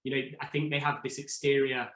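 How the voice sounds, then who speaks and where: A man's voice: mid-range voice, flat delivery, quick pace, fairly bright tone, roomy sound, poor audio. A man, a podcast guest, telling a story in casual chat, rambling and full of restarts. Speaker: podcast guest, former reality show contestant.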